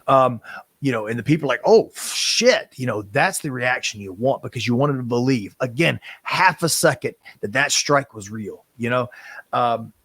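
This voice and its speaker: Man, wrestler guest, passionate rambler, mid-pitch, dry close recording. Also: moderate pace, fairly bright tone, slightly rough, no room sound. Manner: impassioned, rambling with restarts and swearing. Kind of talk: casual interview talk.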